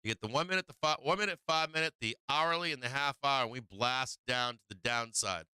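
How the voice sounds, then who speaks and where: A man's voice: medium pitch, a little fast, sharp tone, clear, resonant tone, no room sound. A man hosting a casual stock market livestream, walking viewers through charts and checking in with "okay?" and "right?". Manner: talks to viewers and his cat, repeats "right?" and "okay?". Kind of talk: casual live-stream market commentary.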